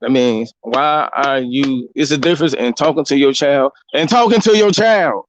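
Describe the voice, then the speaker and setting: A man's voice: mid-range voice, normal speed, no room sound, rough recording. A man, hosting a casual talk show and lecturing bluntly, with plenty of profanity and rising emphasis. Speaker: podcast host.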